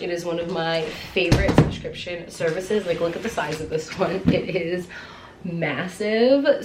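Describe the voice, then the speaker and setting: A chatty woman vlogger with a lowish voice talks casually to her viewers, gushing with enthusiasm. She fills her sentences with "like" as she goes. A faint hiss of noise sits behind her. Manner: chatty, peppered with "like"; upbeat and gushing. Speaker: lifestyle vlogger. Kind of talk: casual chat to camera.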